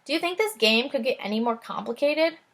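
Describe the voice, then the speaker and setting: A woman voicing a brisk, impatient schoolgirl. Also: sits high, lively intonation, fairly bright tone, full character voice.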